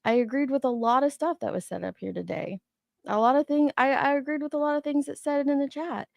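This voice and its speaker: A woman's voice: sits high, fairly even intonation, fast talker, gravelly, no echo, clean studio sound. A woman hosting a casual livestream chat, emphatic and repeating words when worked up. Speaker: livestream host.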